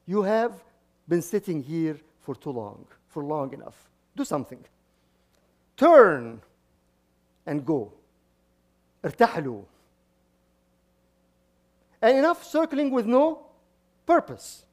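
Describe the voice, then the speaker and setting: High-voiced priest preaching, halting restarts. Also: male voice, a little mellow. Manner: frequent restarts and repeated words, chuckling asides. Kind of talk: sermon.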